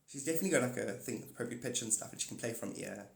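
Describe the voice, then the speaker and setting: A man hosting a live stream in casual chat, excitable, swearing often and laughing a lot. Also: mid-range voice, fast talker, creaky. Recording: echoey room.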